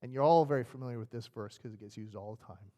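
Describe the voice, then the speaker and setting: A man's voice: mid-range voice, fast, warm tone. A male pastor preaching a sermon in a conversational, storytelling way. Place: church sanctuary. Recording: reverberant church sanctuary.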